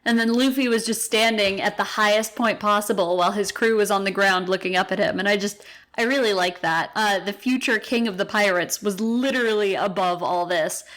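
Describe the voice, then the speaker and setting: A woman co-hosting a podcast, talking in a relaxed, appreciative way in casual chat. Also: medium pitch, brisk. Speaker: podcast co-host.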